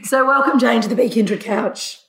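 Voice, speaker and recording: A woman hosting a podcast interview, her voice hoarse from a cold, chatting in an upbeat, friendly way. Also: a little high, moderate pace, fairly bright tone, echoey room, rough recording. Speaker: podcast host. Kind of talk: casual interview chat.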